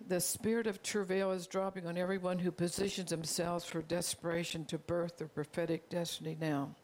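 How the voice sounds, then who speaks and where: Preaching from the heart, the pastor sounds gravelly and creaky at a middle pitch, talking a little fast with a flat delivery. It comes across as earnest and confessional, punctuated by frequent call-outs to the congregation.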